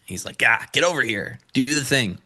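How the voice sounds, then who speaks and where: Man, trader on a live panel stream; lively, bright delivery, playful with chat. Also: medium pitch, moderate pace, breathy edge. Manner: playful, greets chat viewers, sings and does silly voices. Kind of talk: casual trading chat.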